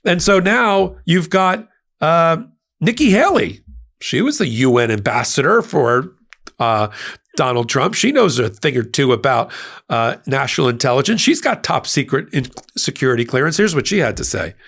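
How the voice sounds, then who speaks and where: In a sing-song, slightly bright voice with vocal fry, a man hosting a legal-political commentary channel delivers a monologue at a moderate pace. His tone is emphatic and scornful, with sweeping leaps in pitch.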